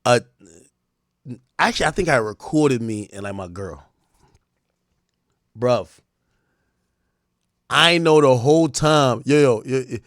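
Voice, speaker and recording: A man streaming live, telling crude stories in a casual way, acting out the dialogue and breaking into loud shouts. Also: mid-range voice, slow pace, pauses often, dry recording, studio quality. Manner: animated, crude storytelling that acts out dialogue. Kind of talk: casual livestream commentary.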